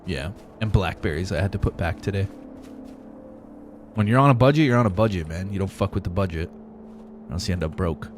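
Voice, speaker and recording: A man's voice: low voice, fast, noisy background. A young man streaming a game, chatting loosely with viewers, swearing casually and laughing often. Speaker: gaming streamer. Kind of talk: live-stream gameplay chat, reading viewer messages.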